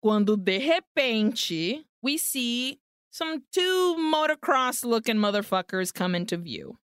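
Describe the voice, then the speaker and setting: Speaking slowly in a slightly high, clean-toned voice with big pitch swings, this woman co-hosts a casual film recap podcast, animatedly retelling the plot and acting out the characters' lines. The studio sound is clean, with no room sound.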